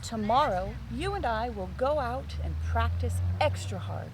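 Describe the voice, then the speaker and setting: A woman's voice: animated, a little slow, noisy background. A woman doing a hearty father bird. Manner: hearty, booming, turns scolding. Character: hearty father mockingbird, male, grown, warm but stern.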